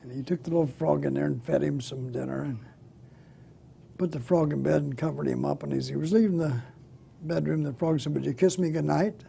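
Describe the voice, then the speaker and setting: Older man, comedian, folksy joke-telling, laughs at own punchlines, dark mellow tone, gravelly. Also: a little high, steady tone, a little fast, slight background noise. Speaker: comedian guest. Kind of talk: telling jokes in a chat.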